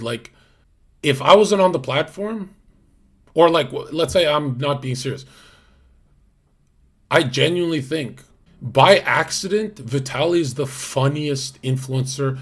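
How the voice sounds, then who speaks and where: A man's voice: a little high, a little slow, pauses often, a bit bright, husky. A young man hosting a livestream, talking in a rambling, slangy way with lots of fillers and restarts. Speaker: livestream host. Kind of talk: casual livestream chat.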